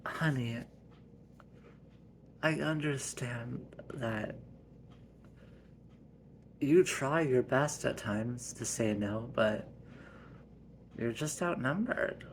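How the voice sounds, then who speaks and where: A patient young wife in a homemade story, speaking gently and slowly with a firm edge, as a man puts her on in his own soft voice. Her tone stays kind even while she scolds. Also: medium pitch, a little hiss or hum.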